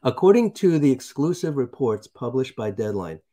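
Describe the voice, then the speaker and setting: A man's voice: mid-range voice, sing-song, normal speed, warm tone. A man from New York hosting casual commentary, reading articles aloud and sarcastically nitpicking their grammar and pronunciation. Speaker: commentary host.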